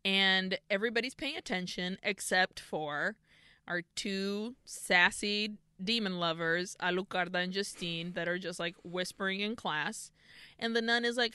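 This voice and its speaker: A woman co-hosting a podcast, recapping a horror film in casual, animated chat, swearing freely and acting out the characters in quick quotes. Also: mid-range voice, smooth, no echo, clean studio sound. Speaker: podcast co-host.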